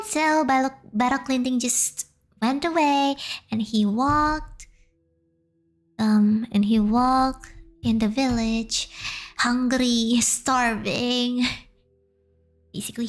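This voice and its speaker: A young Indonesian woman, whose first language is Indonesian, retells a folk tale on stream in English, translating hesitantly as she goes. She has an Indonesian accent and a somewhat high voice, speaking slowly with frequent pauses.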